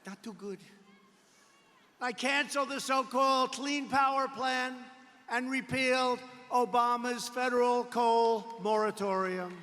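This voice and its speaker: High, bright man giving a rally speech. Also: fairly even intonation, a little slow, a little hiss or hum. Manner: emphatic, repetitive, sarcastic asides. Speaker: politician addressing a rally. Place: large rally arena. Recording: long reverb from a large arena.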